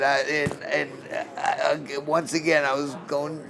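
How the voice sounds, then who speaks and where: Gravelly older man telling fight stories. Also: fairly high pitch, level tone, a little slow. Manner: emphatic, blunt, repeats and restarts phrases. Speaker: former boxer. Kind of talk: interview storytelling. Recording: crowd noise around the mic. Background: crowd murmur.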